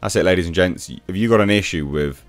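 Deep-voiced man, sarcastic rant. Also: fast, soft background music. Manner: sarcastic, exasperated, mocking. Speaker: YouTube reviewer. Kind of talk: ranting commentary.

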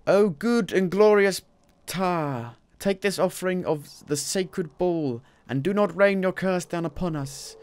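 A man voicing a solemn ancient male worshipper, intoning slow archaic prayers in a grand manner. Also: high voice, darkish tone, clear, resonant tone, dry recording, pitched above the performer's own voice. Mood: pleading. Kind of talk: reading game inscriptions aloud in a put-on voice.

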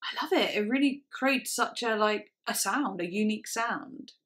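A woman running a music reaction video talks at a moderate pace in a mid-range voice, casual and excited as she breaks down vocal technique, often saying "like." Music can be heard faintly in the background.

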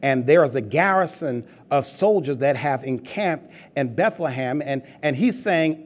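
Here a man with a fairly high, animated voice preaches as pastor, speaking a little slowly yet hardly pausing. He keeps the sermon joking and conversational, with call-outs to a congregation that laughs along.

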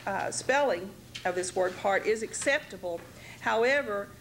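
A woman anatomy instructor giving a recorded lecture, speaking slowly and carefully, spelling out word parts letter by letter, with frequent pauses and throat-clearing. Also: medium pitch, rough recording. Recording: faint background noise, archival lecture tape.

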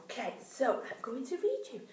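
Expressive teacher reading aloud. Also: female voice, on the high side, moderate pace, a little hiss or hum. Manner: expressive, sing-song. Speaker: primary school teacher. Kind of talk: reading a picture book aloud to young children. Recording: echoey room, voice far from mic.

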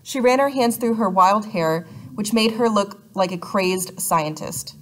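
A woman narrating a children's novel as an audiobook, in a clear, gently expressive way. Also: medium pitch, measured pace, hardly any pauses. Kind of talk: scripted narration.

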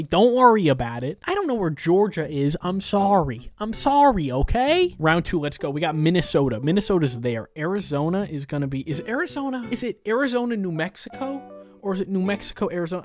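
A woman from New York giving excited gaming commentary, exclaiming often and talking straight to her viewers. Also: fairly low pitch. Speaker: gaming creator.

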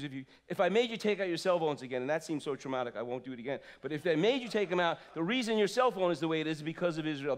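A man in his fifties preaching a sermon in a church, swinging from loud exclamations to soft asides. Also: a little high. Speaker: pastor. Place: church sanctuary.

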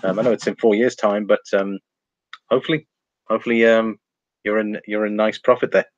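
A man hosting a relaxed live stream, reading out viewer comments and talking over charts. His voice sits fairly low, and he laughs easily between remarks. The sound is dry and close, with no room around it. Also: brisk, no echo, highs cut off. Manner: chatty, reads viewer comments aloud, laughs often, trails off.

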